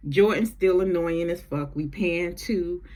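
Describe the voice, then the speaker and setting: A woman's voice: on the low side, unhurried, mellow. A woman giving a casual, chatty TV episode recap, with profane, sassy asides. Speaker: TV recap vlogger.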